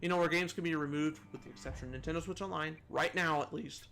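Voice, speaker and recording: A man's voice: fairly high pitch, quick pace, vocal fry, bright, forceful tone, slight background noise. A man hosting a casual gaming commentary video, rambling with lots of restarts and asides. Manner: rambling, many restarts and asides, chuckles at own jokes.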